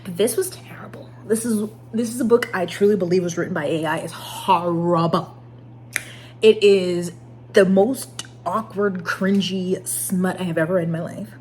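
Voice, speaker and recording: A woman's voice: lowish voice, normal speed, darkish tone, a little hiss or hum. Chatty woman reviewing books in an echoey room. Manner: chatty, frank, exaggerated reactions. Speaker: book reviewer. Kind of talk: casual chat to camera. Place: room at home.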